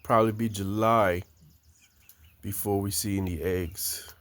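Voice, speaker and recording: An older man, chatting slowly and fondly to his backyard chickens outdoors. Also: lowish voice, steady tone, fairly bright tone, slight background noise. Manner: slow, drawling, talks fondly to the birds. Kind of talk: casual chat talking to his hens. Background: chickens clucking.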